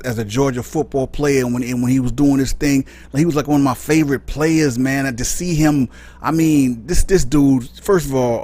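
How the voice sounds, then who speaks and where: Exasperated man riffing off the cuff. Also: mid-range voice. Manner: exasperated, incredulous, rambling with many restarts. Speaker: commentary channel host. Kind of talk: casual spoken commentary.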